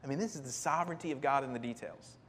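A man preaching a sermon, animated, acting out the people in the story with big jumps in his voice. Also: rapid-fire, in a large hall. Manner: animated, acts out voices of biblical figures with big pitch jumps.

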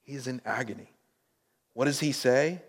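A man preaching a sermon as a pastor, slow and emphatic, swelling in volume on key points. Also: medium pitch, husky, long reverb tail.

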